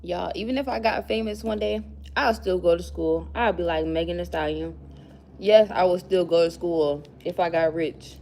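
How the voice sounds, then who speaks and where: A woman's voice: fairly low pitch, moderate pace, darkish tone. A young woman vlogging at work, chatting casually and musing aloud as she rambles from thought to thought. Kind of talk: casual chat to camera.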